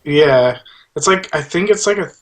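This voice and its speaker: A man's voice: on the high side, animated, moderate pace. A man on a gaming podcast, talking in a rambling, hesitant way and restarting his sentences. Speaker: podcast co-host. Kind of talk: casual gaming chat.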